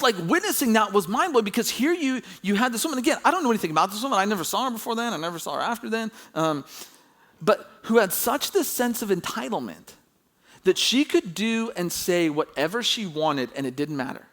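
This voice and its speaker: A man preaching a sermon as pastor, telling a story with animated, rising emphasis when excited. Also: sits high, a little fast.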